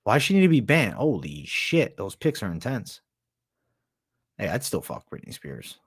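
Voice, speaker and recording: A man's voice: fairly low pitch, sing-song, moderate pace, breathy edge, no room sound, studio quality. A young man hosting a livestream, talking in a crude, rambling, profanity-heavy slang as he reads and answers chat. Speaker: livestream host.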